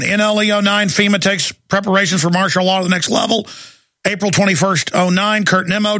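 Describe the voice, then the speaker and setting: Intense gravelly man, talk radio host. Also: high-pitched, pushed and bright, dry recording, studio quality. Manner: intense, emphatic, repetitive.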